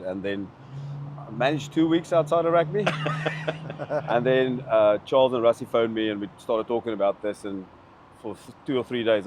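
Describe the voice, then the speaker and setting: A man's voice: lowish voice, darkish tone, a little hiss or hum. A man from South Africa, a former rugby referee, talking easily as a podcast guest and laughing often. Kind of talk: casual chat.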